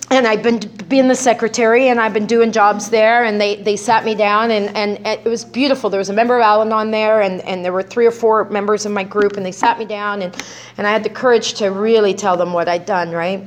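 A woman's voice: mid-range voice, fairly even intonation, fairly quick, a little hiss or hum. A middle-aged woman sharing her recovery story in a personal testimony talk, speaking conversationally with many "right?" tags and restarts.

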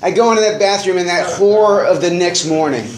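A man's voice: high voice, brisk. A man telling a long personal story in a casual, rambling way, full of fillers and laughs. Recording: roomy echo, faint noise.

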